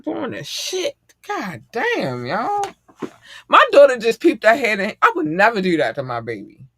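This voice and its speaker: A middle-aged man hosting a casual podcast chat, animated and profane and quick to laugh. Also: high-pitched, slightly rough, no echo. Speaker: podcast host.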